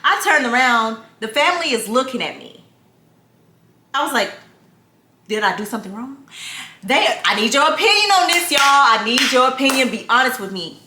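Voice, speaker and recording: A woman's voice: sits high, normal speed. A young woman vlogging in casual chat, telling stories and talking straight to her viewers. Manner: animated storyteller, talks straight to viewers. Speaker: lifestyle vlogger. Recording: echoey room.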